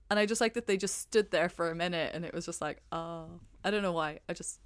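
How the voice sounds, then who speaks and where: A woman's voice: on the low side, steady tone, fast, hardly any pauses, smooth, no room sound, studio quality. A young woman co-hosting a podcast in casual chat, rambling with hesitant restarts and laughing. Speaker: podcast co-host.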